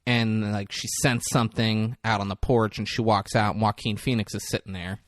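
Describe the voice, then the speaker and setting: A man's voice: on the low side, fairly even intonation, normal speed, no room sound. Chatty man recapping a film, dry sound. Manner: chatty, swears, acts out quoted lines. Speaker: podcast co-host. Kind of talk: casual chat, retelling a film plot.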